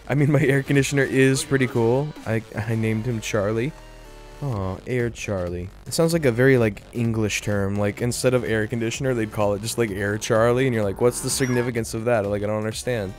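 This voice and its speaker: A man's voice: mid-range voice, steady tone, fairly quick, hardly any pauses, faint music behind. A young man streaming a game, cracking goofy jokes in rambling, filler-heavy casual chat. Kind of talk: casual live-stream commentary.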